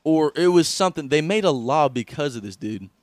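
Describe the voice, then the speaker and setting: A man's voice: on the high side, brisk, no room sound. A young man co-hosting a comedy podcast, telling stories casually and laughing often. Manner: laughs often, animated storytelling. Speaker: podcast co-host.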